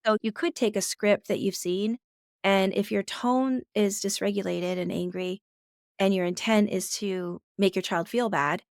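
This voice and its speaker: A woman co-hosting a parenting podcast, with a gravelly fry in her voice. She talks casually and reflectively, thinking aloud with plenty of fillers. The sound is close and dry. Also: mid-range voice, steady tone, measured pace, dry recording.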